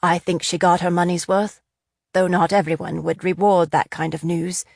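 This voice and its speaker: A woman voicing a calm, authoritative male lord who questions a young man, in a storybook reading. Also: fairly low pitch, moderate pace, vocal fry, no echo, clean studio sound. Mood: commanding. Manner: even, authoritative.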